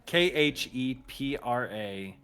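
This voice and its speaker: A man running a tabletop game as dungeon master, narrating with hesitant pauses and laughter. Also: medium pitch, expressive, fairly bright tone.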